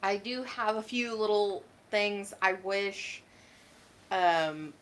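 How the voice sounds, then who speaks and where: A woman's voice: mid-range voice, slow pace, a bit bright. A woman co-hosting a casual game review chat, dry and laid-back, with a teasing tone. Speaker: co-host of a game review show.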